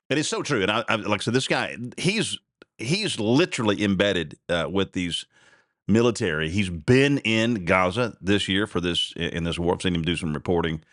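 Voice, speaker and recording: A man's voice: lowish voice, animated, normal speed, a bit bright, no room sound, studio quality. A man hosting a podcast, reacting to a clip in rambling, fired-up casual commentary. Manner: rambling, fired-up, full of fillers. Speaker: podcast host.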